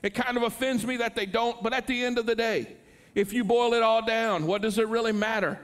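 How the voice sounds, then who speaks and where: Middle-aged preacher guy, high voice, earnest, gets fired up in spots. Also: steady tone, brisk, a bit bright. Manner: earnest preaching, rising to impassioned pleas. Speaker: pastor. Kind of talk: sermon.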